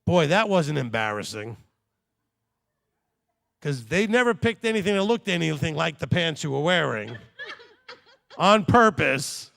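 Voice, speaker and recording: A man in his fifties giving a lively, joking sermon-style talk to a congregation. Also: on the high side, a little slow, gravelly, long pauses. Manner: animated and jokey, with mocking quoted voices. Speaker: teacher at a Torah study.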